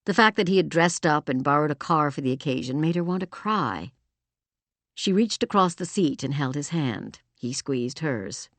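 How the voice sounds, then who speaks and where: A woman narrating a romance audiobook in an expressive storytelling manner, also speaking the heroine's lines. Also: deep voice, moderate pace, no echo. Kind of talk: scripted narration.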